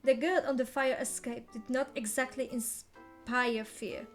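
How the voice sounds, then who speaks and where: A woman's voice: sits high, steady tone, unhurried, faint music behind. A woman reading a novel aloud in the first person, playful and theatrical. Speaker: reader.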